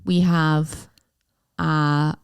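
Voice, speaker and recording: A woman's voice: deep voice, level tone, drawn-out words, clean tone. Chatty Scottish woman comedian. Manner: chatty, gossipy storytelling. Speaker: comedian and podcast co-host. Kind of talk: casual chat.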